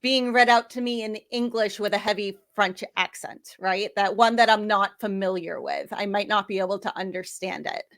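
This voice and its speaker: A chatty woman answering audience questions on a webinar. Her voice sits at a middle pitch. She thinks out loud, with plenty of ums and restarts. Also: moderate pace, few pauses. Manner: chatty, friendly, thinks aloud with fillers. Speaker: webinar panelist. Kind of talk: casual webinar Q&A.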